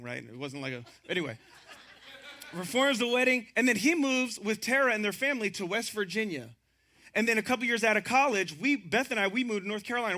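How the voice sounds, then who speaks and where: A man in his thirties leads a sermon as pastor in a notably high voice. His tone is bright and forceful, shifting between lively storytelling with quoted voices and a hushed, low reading of scripture. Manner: storytelling, acts out quoted voices, laughs often.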